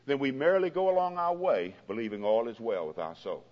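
A man preaching a sermon as pastor, his voice swelling and dropping dramatically in pitch and loudness, recorded in a church. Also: very animated, a little fast. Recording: dull lo-fi recording with long hall reverb.

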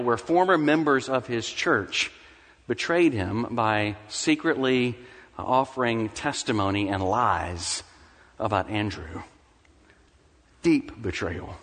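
A man's voice: medium pitch, a bit bright. A man preaching a sermon with passion, his voice climbing into anguished cries when he voices desperate prayers. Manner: impassioned, rising to anguished cries in quoted prayers. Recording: long hall reverb.

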